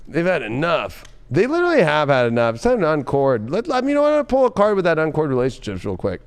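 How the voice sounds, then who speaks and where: Excitable, swearing male tarot reader. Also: a little high, quick pace, clear, resonant tone. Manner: loud, profane, laughing often.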